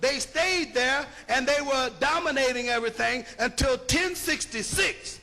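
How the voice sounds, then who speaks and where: A man's voice: very high voice, unhurried, creaky, bright, forceful tone, soft background music. A man giving an emphatic, rhetorical lecture, punching his points and checking that listeners follow. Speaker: linguistics lecturer. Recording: long hall reverb.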